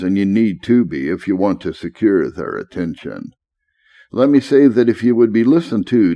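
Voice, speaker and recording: Low, dark-voiced man reading steadily. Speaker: reader of a classic preaching lecture. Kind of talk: measured scripted reading.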